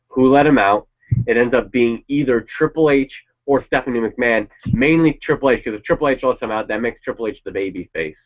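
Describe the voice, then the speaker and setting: A man chatting casually and swearing now and then as he reacts to a wrestling show. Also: medium pitch. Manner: rambling, opinionated, swears casually. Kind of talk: casual chat. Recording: dull lo-fi sound.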